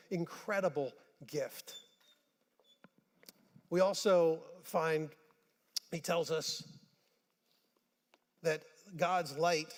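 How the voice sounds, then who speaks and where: Man, pastor, sermon, high-pitched, echoing church sanctuary, casual asides, hushed to emphatic. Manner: conversational, joking asides, swings between hushed and emphatic. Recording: church hall with long reverb.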